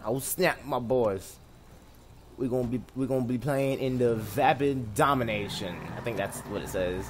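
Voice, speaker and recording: A young man giving excitable, jokey commentary on a driving game, laughing and shouting often. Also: mid-range voice, moderate pace, slight background noise. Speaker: gameplay commentator. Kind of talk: live let's-play commentary. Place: home room.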